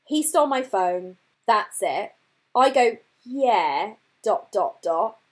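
Animated, husky woman telling a story. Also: mid-range voice, slow. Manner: animated storytelling, reading out text messages. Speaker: podcast host telling her dating story. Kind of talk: casual chat.

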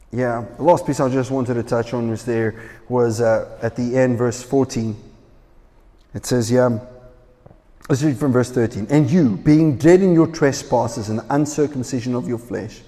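A man preaching a sermon, telling a story with lively, acted-out quoted voices. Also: medium pitch, in a large hall.

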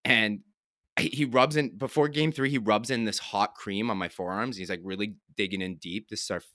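A man's voice: on the low side, fairly even intonation, normal speed, bright, forceful tone, no echo, studio quality. A young man, a pro hockey player, telling stories in a laid-back, profane way on a podcast and laughing as he goes. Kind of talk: casual storytelling chat.

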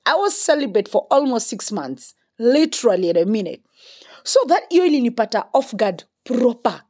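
Animated young Kenyan woman telling a story. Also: a little high, normal speed. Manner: animated, emphatic, mixing English with Swahili slang; swears freely, repeats words for emphasis. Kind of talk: casual storytime monologue.

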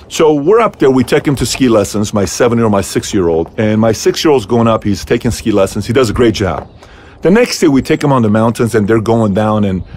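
A middle-aged man hosting a motivational talk to camera, telling a personal story with animated leaps in his voice. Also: slight background noise. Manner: animated storytelling, voice jumping high on key moments. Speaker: host.

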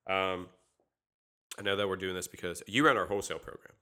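Young male co-host, low voice, rapid jokey riffing. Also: fairly even intonation, sharp tone. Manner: joking, rambling, quick to riff. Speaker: podcast co-host, barista. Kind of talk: casual chat. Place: outdoors by a parking lot.

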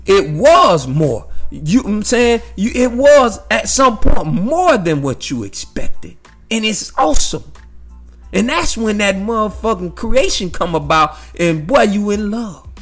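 An unhurried man with a high voice delivers a casual, profane monologue over soft background music. As a vlogger sharing his life views, he speaks right to his listeners, animated and repetitive, repeating phrases and leaning on "you know what I'm saying."

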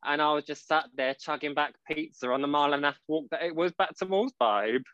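A man's voice: on the high side, a little fast, fairly bright tone, dry recording. Guy chatting, storytelling, dry dull sound, calls his mate babe. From Portsmouth, England. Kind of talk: casual chat.

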